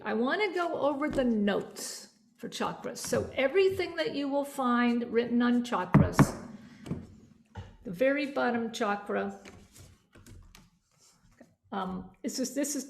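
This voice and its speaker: Teaching a vocal yoga certification course, this woman speaks in a slightly high, gravelly voice. Her delivery is lively and talkative, and she keeps breaking off to show off voices and resonance.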